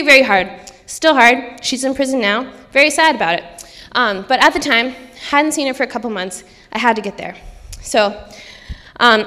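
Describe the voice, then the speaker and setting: A woman's voice: on the high side, fairly bright tone. A young woman with an Upper Midwest American accent telling a true personal story at a live storytelling event, chatty and full of ums and likes. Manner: conversational, many ums and likes. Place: stage in a hall with an audience. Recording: live stage recording with long hall reverb.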